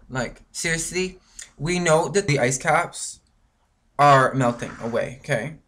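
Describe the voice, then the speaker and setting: A man's voice: fairly high pitch, unhurried, a bit bright. A man from Canada ranting angrily in a rambling vlog monologue, full of swearing and filler words. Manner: frustrated, profane, rambling with many fillers. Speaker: vlogger.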